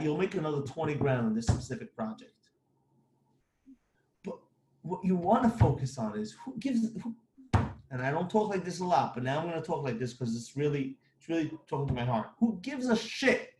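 A man's voice: fairly high pitch, a little mellow, reverberant. A man who runs a construction company giving blunt, emphatic business advice, repeating his points.

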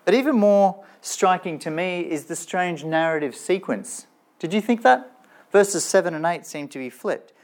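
A man's voice: sits high, expressive, normal speed, a little mellow. Conversational man preaching a sermon. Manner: conversational, asks the listeners rhetorical questions. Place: church with slides shown.

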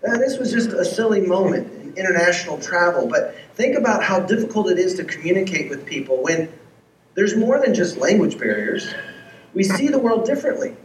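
High-voiced man preaching in an echoey hall. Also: sing-song, fairly quick, slight background noise. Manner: storytelling, acts out dialogue. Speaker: pastor. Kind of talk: sermon. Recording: echoey room, heard from far off.

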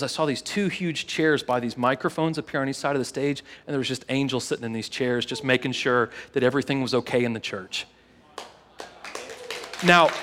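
A man preaching at a live church service, with an earnest, casual manner and a mid-pitched voice. He often repeats words and drops to a near hush when he prays. His voice rings out with a long reverb in a large hall. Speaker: pastor. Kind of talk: sermon with personal story and prayer.

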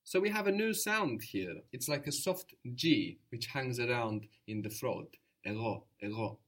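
Male tutor, patient and encouraging, mid-pitched voice, explains step by step. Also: big pitch swings, unhurried, fairly bright tone. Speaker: language teacher. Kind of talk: spoken language lesson.

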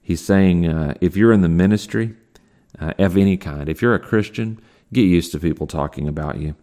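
A man preaching a sermon in a conversational way, full of fillers and restarts, slowing down when he reads scripture. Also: deep voice, mellow. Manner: slows down to read scripture. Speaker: pastor.

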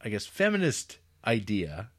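A man's voice: lowish voice, huge pitch swings, unhurried. A man co-hosting a film podcast, talking casually and profanely, laughing and acting out scenes with sarcasm. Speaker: podcast co-host reviewing films.

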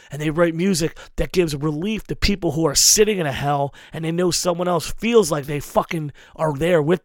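A man's voice: a little high, no room sound, studio quality. A man in his forties who books hardcore shows, giving hard-driving advice with constant swearing and strong emphasis. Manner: emphatic, heavy swearing, drives points hard. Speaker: hardcore show booker. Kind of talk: profane advice rant.

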